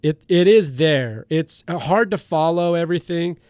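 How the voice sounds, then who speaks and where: A man's voice: on the high side, moderate pace, darkish tone, clear, resonant tone, no echo, clean studio sound. A man co-hosting a casual movie podcast, animatedly retelling scenes with frequent restarts. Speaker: podcast co-host. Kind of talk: casual film discussion.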